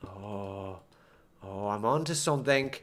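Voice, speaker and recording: A man's voice: on the low side, lively intonation, slow, fairly bright tone. A young man commenting casually on his own gameplay, muttering to himself and breaking into frustrated outbursts. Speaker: gaming streamer.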